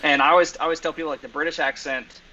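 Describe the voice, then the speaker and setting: A man from North Carolina, chatting as a podcast guest. He talks quickly in a bright, forward voice and rambles through his stories. The recording sounds a little dull and lo-fi. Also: fairly high pitch, steady tone, a little hiss or hum. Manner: rambling storyteller, many "like" fillers. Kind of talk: casual podcast chat.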